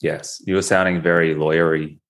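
A man with an Australian accent that drifts between posh and rough Newcastle, hosting a podcast in a relaxed, joking, blunt way. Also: deep voice, a little fast. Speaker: podcast host, law firm marketing specialist. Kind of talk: casual podcast chat.

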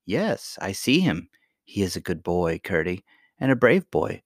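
A man reading a storybook, voicing a sweet and gentle magical old grandmother with a soft, kindly manner. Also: low-pitched, big pitch swings, unhurried, gravelly, no room sound, clean studio sound, full character voice. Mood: tender.

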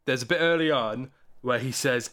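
A man's voice: mid-range voice, normal speed, fairly bright tone. Rambling man in casual film chat. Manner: rambling, many restarts and hedges. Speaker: podcast co-host. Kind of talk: casual movie review chat.

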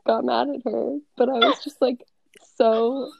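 A woman's voice: a little high, steady tone, measured pace, gravelly, slight background noise. A young woman chatting casually and rambling, with lots of filler words. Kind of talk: casual chat. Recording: dull, dry, slightly lo-fi.

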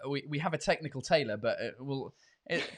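Stammering, swearing live-stream host. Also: male voice, medium pitch, expressive, brisk. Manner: repeats words when starting, swears casually. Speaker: podcast host. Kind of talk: casual live-stream chat.

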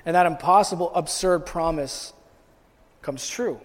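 A man preaching a sermon as pastor, repeating and restarting phrases and climbing in pitch and volume as he builds. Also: unhurried. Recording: long hall reverb.

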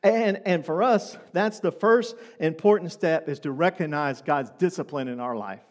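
A man's voice: on the high side, moderate pace. A man preaching a sermon as pastor, talking to the congregation in a conversational way and asking lots of rhetorical questions. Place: church hall. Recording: long hall reverb.

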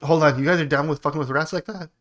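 A man on a podcast, telling a story in a casual chat with animated, profanity-heavy delivery. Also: on the high side, racing. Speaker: podcast host.

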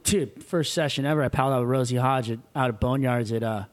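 Animated surfer man telling a story. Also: medium pitch, fast. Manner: animated, acts out quoted voices, swears freely. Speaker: guest. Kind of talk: casual storytelling.

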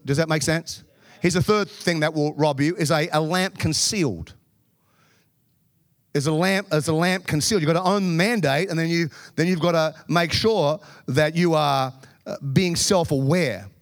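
A man preaching a sermon in a lively, joking way with quick asides. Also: a little high, no echo, studio quality. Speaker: pastor.

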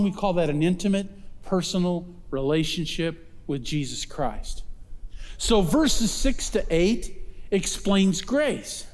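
A man preaching a sermon as pastor, emphatic, climbing to loud calls for his congregation to answer. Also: high voice. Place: church auditorium. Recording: long reverb of a large hall.

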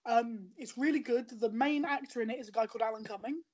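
A woman's voice: fairly high pitch, fast, a little mellow. A woman chatting in a rambling way about a show she recommends, often restarting her sentences. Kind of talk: casual podcast chat.

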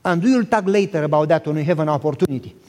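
A man doing a grave, calm old father. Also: fairly high pitch, rapid-fire, pitched below the performer's own voice, natural voice. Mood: gravely calm. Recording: reverberant hall.

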